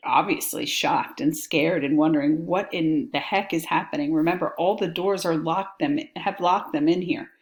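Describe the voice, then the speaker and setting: A woman teacher reading a text aloud and explaining it in a casual, chatty way. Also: lowish voice.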